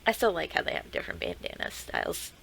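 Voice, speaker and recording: Young woman streamer, bright voice, swears freely and shouts at the screen, reaction-stream energy. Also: quick pace, slight background noise, low-quality recording. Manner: excitable, swearing, laughing, talking to the screen. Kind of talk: casual reaction commentary.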